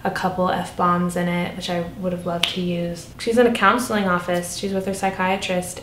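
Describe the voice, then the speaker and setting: A young woman telling a personal story in a casual vlog, earnest, animated and chatty. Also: moderate pace, few pauses. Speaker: vlogger. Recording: echoey room, faint rumble.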